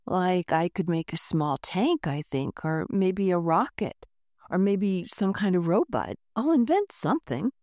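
A woman voicing an excitable little girl inventor, high and eager. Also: unhurried, no room sound. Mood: excited.

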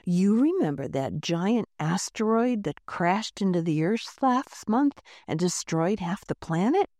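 A woman doing a calm, proud teacher. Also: mid-range voice, a little slow, dry recording, studio quality, natural voice.

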